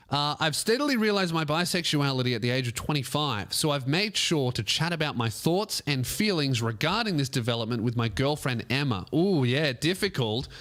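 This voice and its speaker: A man's voice: mid-range voice, a bit bright. A young man hosting a comedic podcast, reading a listener's email aloud and breaking off for joking asides. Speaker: podcast host.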